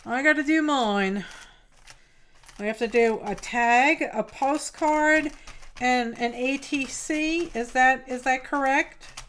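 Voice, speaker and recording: A woman hosting a casual crafting livestream from her home studio, talking slowly and haltingly as she reads chat aloud. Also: high voice, a bit bright. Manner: slow, halting and heartfelt, reading chat aloud.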